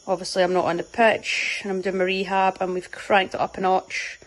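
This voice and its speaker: A young Scottish woman with a mid-range, level voice speaks fairly quickly. She's a professional footballer chatting to her phone camera in a casual vlog of her day, filmed indoors at home and at training, upbeat and self-mocking, with whispering early in the morning.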